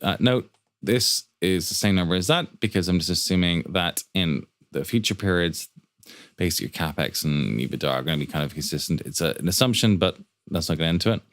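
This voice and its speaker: Fast, joking man walking through spreadsheets. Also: deep voice, lively intonation, fairly bright tone, no echo. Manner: quick, joking asides and rhetorical questions. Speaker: startup finance instructor. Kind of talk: fast screen-share walkthrough of a spreadsheet.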